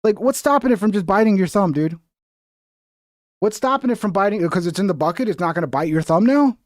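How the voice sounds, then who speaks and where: A man's voice: high voice, animated, brisk, dry recording, studio quality. A man streaming a reaction to a video, talking casually with a profane, exasperated and rambling manner.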